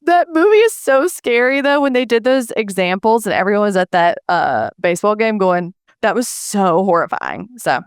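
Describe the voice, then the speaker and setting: Woman podcast co-host, animated casual chatter, smooth clear voice, dry close sound. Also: medium pitch, normal speed, few pauses, no echo. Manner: animated, laughing, lots of "like". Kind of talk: casual chat.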